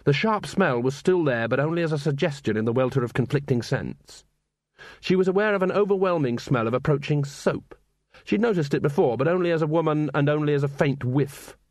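A man's voice: on the high side, lively intonation, fairly quick, dry recording. Man reading a novel aloud, dry sound. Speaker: audiobook narrator. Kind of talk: scripted narration. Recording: dry close studio sound.

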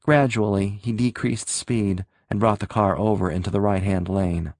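A man narrating a story in a steady, measured reading voice. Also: lowish voice, no echo, clean studio sound. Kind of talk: audiobook narration.

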